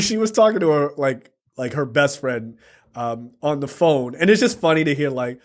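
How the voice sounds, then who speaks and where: A man co-hosting a podcast in casual chat, laid-back and profane, laughing often as he talks. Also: on the high side. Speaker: podcast co-host.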